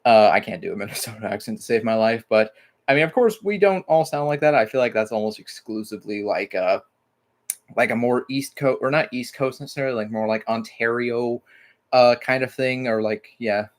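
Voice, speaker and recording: A man's voice: mid-range voice, fairly quick. A man from Mississippi hosting a casual livestream, rambling with lots of "like" fillers and casual swearing. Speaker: livestream host.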